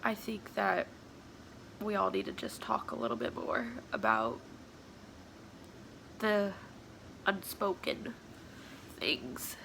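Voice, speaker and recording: A tearful, sniffling woman talking at home in a personal confessional vlog, halting and soft, slipping into whispers. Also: mid-range voice, big pitch swings, vocal fry, slight background noise. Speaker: vlogger.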